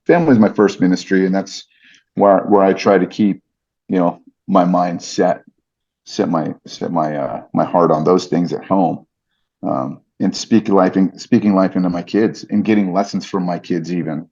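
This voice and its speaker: His voice sits low, dark and husky, with a steady tone at normal speed. The middle-aged man is a fight announcer guesting on a podcast, telling stories in a casual interview with earnest reflection and frequent restarts, all in dull lo-fi audio.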